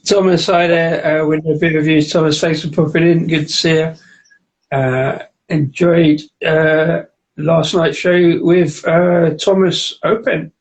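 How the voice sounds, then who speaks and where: A man's voice: on the high side, fairly even intonation, a little slow, rough recording. A man co-hosting a live beer review stream, chatty and greeting viewers as they pop in. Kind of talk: casual live-stream chat.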